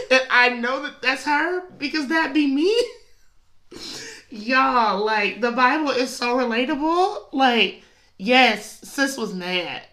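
Slow-talking, laughing woman podcaster. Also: sits high. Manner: animated, laughs often, colloquial. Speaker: podcast host. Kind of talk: casual devotional podcast talk.

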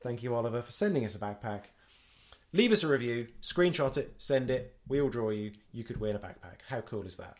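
A woman's voice: extremely low pitch, lively intonation, a little fast, darkish tone. Blunt, dry woman podcast host. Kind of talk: casual chat.

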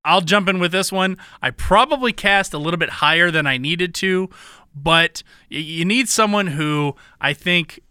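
Male podcast co-host, crisp bright voice, dry close sound, halting casual chat. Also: high-pitched, no echo. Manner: relaxed, halting, lots of restarts. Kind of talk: casual movie-recasting chat.

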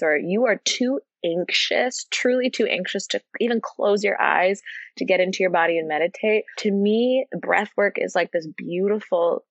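A woman who teaches yoga and breathwork, talking as a guest in a casual interview in an open and earnest way, slowing down and speeding up for emphasis. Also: lowish voice, fairly bright tone, no echo.

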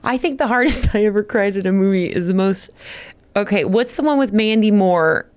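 A woman's voice: medium pitch, brisk, clear, resonant tone. A woman co-host chatting casually, often laughing as she talks. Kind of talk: casual chat.

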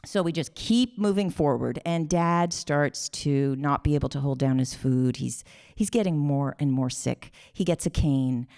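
Woman, middle-aged, live storyteller, animated, acts out voices. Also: sits low, a little slow.

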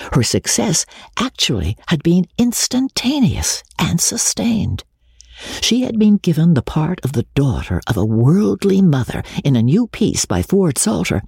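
A woman with a husky voice narrating a novel in a measured, expressive way. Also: deep voice, dry recording, studio quality. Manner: measured, expressive literary reading. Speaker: audiobook narrator. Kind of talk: scripted narration.

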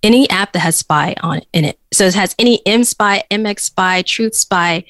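A woman's voice: medium pitch, normal speed, a bit bright, dry recording. A woman, a cyber security expert, answering interview questions in an earnest, explanatory way with easy laughs.

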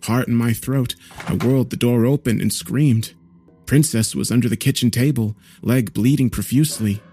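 A man narrating a horror story in a measured, somber way. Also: mid-range voice, dark tone, dry recording, faint music behind.

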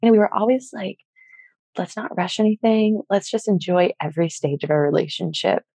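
Young woman, podcast guest, animated storyteller, somewhat low voice, dry close sound. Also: fairly quick, slightly rough, no room sound. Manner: animated storyteller acting out dialogue. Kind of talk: personal storytelling in an interview.

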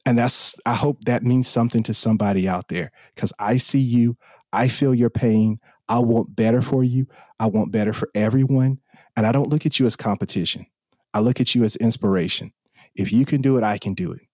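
A man in his forties from the Southern US speaks earnestly on a podcast. He is impassioned and often repeats phrases for emphasis. His voice sits at a middle pitch and sounds dry and close to the mic. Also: fairly quick, a little mellow, no echo. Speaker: podcast host. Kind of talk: heartfelt podcast conversation.

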